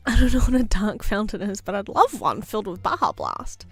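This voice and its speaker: A woman's voice: medium pitch, very animated, a little fast, breathy edge, no echo, soft background music. A woman art streamer with a non-American English accent chatting casually and jokily while she draws. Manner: chatty, rambling, jokey, with frequent laughs and fillers. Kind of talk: casual live-stream chat while drawing.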